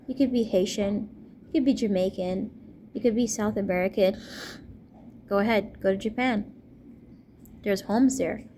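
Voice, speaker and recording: A woman's voice: mid-range voice, moderate pace, pauses often, dark tone. A young adult woman talking earnestly to camera in a rambling personal testimony, with a faint hiss behind her. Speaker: vlogger speaking to camera. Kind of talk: personal testimony and religious appeal.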